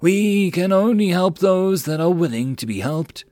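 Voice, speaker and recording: A man voicing a charismatic cannibal cult leader who addresses his people slowly and solemnly. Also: sits high, lively intonation, darkish tone, no room sound, pitched above the performer's own voice. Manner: slow, solemn preaching.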